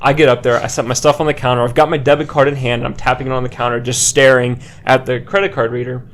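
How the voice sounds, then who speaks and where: Man telling a lively anecdote. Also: mid-range voice, fast talker, a little hiss or hum. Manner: animated anecdote telling with laughs. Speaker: podcast co-host. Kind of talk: casual storytelling among friends.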